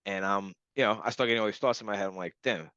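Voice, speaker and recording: Bright-voiced man telling a story. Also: on the low side, fast, clear, resonant tone, no room sound, muffled recording. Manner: animated, laughing, acts out quoted voices. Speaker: hypnotherapy client. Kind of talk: casual storytelling testimonial.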